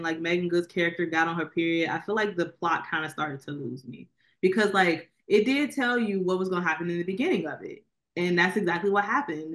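A woman's voice: mid-range voice, a bit bright. Chatty woman reviewing a movie. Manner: chatty, rambling, frequent "like" fillers. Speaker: podcast co-host. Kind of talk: casual movie review chat.

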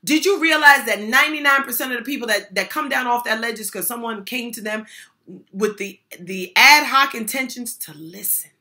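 An older woman speaking as a workshop presenter, her voice bright and forceful and sitting a little high. She talks emphatically and folksily, circling back to the same key phrases to drive her points home. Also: moderate pace. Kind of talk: motivational talk on mental health support.

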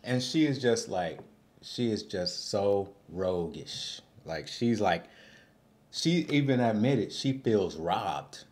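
A man's voice: on the low side, lively intonation, slow, a little mellow. Laughing man recapping a reality show. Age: adult with a young son. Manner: laughs often, loose and joking, acts out quotes.

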